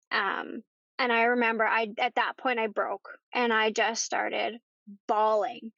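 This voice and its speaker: A woman, a podcast guest, tells her personal story in conversation, halting and repeating herself as she goes. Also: fairly high pitch, level tone, creaky, a bit bright, no room sound. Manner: halting, with many pauses and repeated words. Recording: dull lo-fi dry recording.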